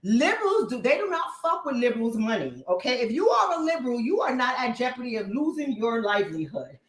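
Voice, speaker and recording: A woman's voice: fairly high pitch, big pitch swings, brisk. A woman hosting a livestream, talking bluntly and profanely. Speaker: host. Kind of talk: livestream commentary. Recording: echoey room.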